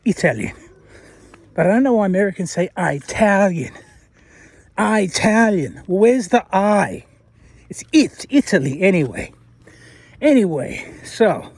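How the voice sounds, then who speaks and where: An Australian vlogger walks along an outdoor road, chatting casually to the viewer in a rambling, self-deprecating way. His voice is high-pitched and a little mellow.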